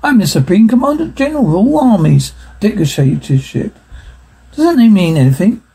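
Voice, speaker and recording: A man's voice: high-pitched, sing-song, normal speed, creaky, dark tone, slightly rough, voice pushed up, heavily acted. A man voicing a pompous, blustering male general in an audiobook reading.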